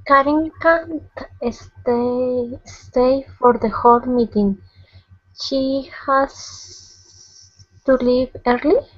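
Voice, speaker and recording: A woman student reading an exercise sentence aloud slowly and carefully. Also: high-pitched, fairly even intonation, dry recording, muffled recording.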